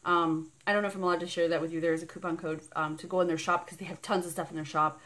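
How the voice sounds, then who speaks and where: A woman with a fairly low pitch and level tone talks at a racing pace, her voice a little bright. Vlogging an unboxing, she's bubbly and rambling, gushing over each item and squealing with delight in a chatty flow.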